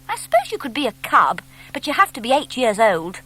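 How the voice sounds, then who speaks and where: A woman doing a jolly storybook boy scout, brisk and bossy, a lifted bright tone, lively ups and downs. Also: fairly high pitch, voice pushed up, exaggerated voice. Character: cheerful confident young boy scout.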